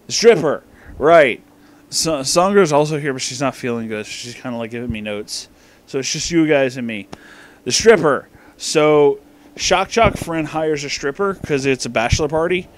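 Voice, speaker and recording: A man's voice: a little high, expressive, moderate pace. A drunk man rambling through a profane, meandering movie commentary, often losing his place, recorded in his office. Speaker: movie reviewer.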